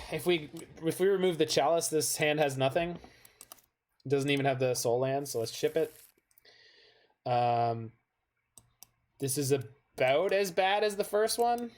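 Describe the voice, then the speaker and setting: A man's voice: fairly high pitch, unhurried, long pauses. A man giving chatty, rambling gameplay commentary while playing an online card game, with jokey asides.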